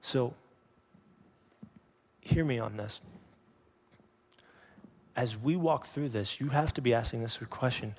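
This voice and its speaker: Husky-voiced pastor preaching. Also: male voice, mid-range voice, slow, pauses often. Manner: storytelling, animated, drops to hushed emphasis. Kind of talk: sermon.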